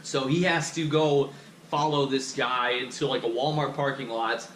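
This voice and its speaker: A man's voice: medium pitch, steady tone, moderate pace, fairly bright tone. Young man ranting with heavy swearing. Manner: swears constantly, heated and exasperated. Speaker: vlogger. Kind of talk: profane ranting monologue. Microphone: action camera. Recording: echoey room, faint background noise.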